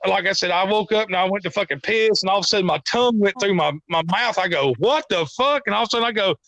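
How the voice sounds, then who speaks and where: High, bright-voiced swearing man. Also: rapid-fire, vocal fry, no room sound. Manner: rambling, profane storytelling. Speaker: podcast guest. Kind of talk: casual chat.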